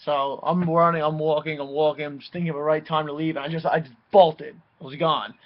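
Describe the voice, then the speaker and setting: A young man casually telling a personal story, animated and swearing freely, mimicking the people he quotes. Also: a little high, a little fast. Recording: dull lo-fi recording.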